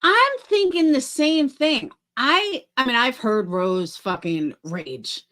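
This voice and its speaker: A woman's voice: sits high, lively intonation, takes it slowly, sharp tone. A woman on a stream panel chatting candidly and casually, with frequent swearing. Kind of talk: casual chat.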